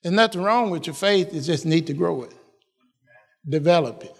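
A man's voice: on the high side, animated, normal speed. A man preaching a sermon, repeating phrases and laughing as he drives points home. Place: church. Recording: long reverb of a church hall.

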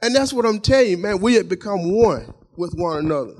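A middle-aged male pastor with a high, expressive, darkish voice preaches briskly. His sermon is folksy and conversational, addressed straight to the congregation, with phrases repeated for emphasis.

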